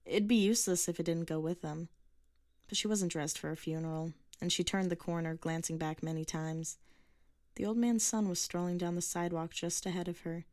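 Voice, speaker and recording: A woman reads a short story in a measured, even narration. Her voice sits fairly low and the recording is very dry and close, with no room sound. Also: no echo.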